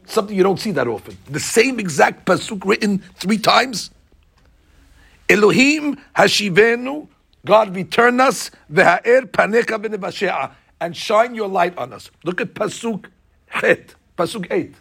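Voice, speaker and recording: A man teaching a Bible class, animated and asking the class questions as he explains verses. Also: high voice, moderate pace, vocal fry, slightly rough. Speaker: Torah teacher.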